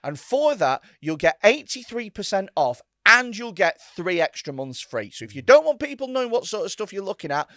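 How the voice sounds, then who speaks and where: Co-host type: man, crude joker, animated, fairly high voice, dry sound. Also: a little fast, few pauses, no room sound. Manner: crude joker, reads sponsor plug casually. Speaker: podcast co-host. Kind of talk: casual comedy podcast chat.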